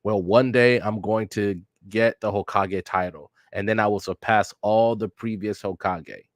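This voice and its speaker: A man's voice: lowish voice, unhurried, no echo, clean studio sound, lightly acted. A man casually reading the lines of a brash, stubborn orphan ninja boy from a manga, in his own plain voice. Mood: boastful. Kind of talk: casual manga read-aloud.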